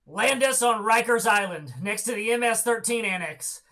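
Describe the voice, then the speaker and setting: A woman's voice: on the high side, animated, moderate pace, a bit bright. A woman reading a part brashly in a comedy podcast script reading. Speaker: podcast co-host.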